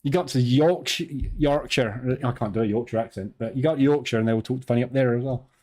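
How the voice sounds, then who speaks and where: A chatty man from southern England hosts a live trading stream, speaking rapidly at an ordinary middle pitch with fairly even intonation and a warm tone. He talks casually to viewers, answers their questions aloud, and laughs easily at his own jokes.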